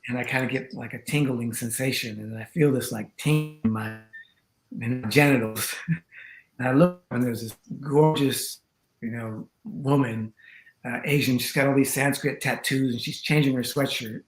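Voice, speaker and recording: A man's voice: mid-range voice, fairly even intonation, moderate pace. A man who teaches tantra, a guest telling a long personal story in a chatty, rambling way, full of "you know" and acted-out quotes. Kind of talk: storytelling in a conversation. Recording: roomy echo.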